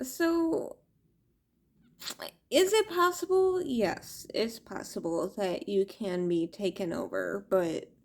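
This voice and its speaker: Woman tarot reader, unhurried, loose and chatty, laughs and curses. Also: mid-range voice, lively intonation. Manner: laughing, swearing, rambling storyteller. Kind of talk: casual monologue to camera.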